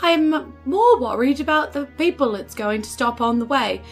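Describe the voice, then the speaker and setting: A woman voicing a concerned town mayor, speaking in an earnest, measured way. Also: high voice, animated, faint music behind.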